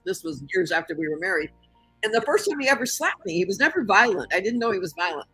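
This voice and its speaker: Husky older woman telling a story. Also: medium pitch, quick pace, no echo, soft background music, low-quality recording. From Chicago area. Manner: animated storyteller who acts out the voices in her story. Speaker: interview guest. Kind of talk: storytelling in an interview.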